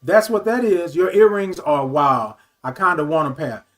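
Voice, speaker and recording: A man in his fifties hosting a casual livestream talk show, reading viewer comments aloud and answering them in an animated, affectionate way. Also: fairly high pitch, moderate pace. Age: 50s. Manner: animated, affectionate, calls viewers baby and y'all.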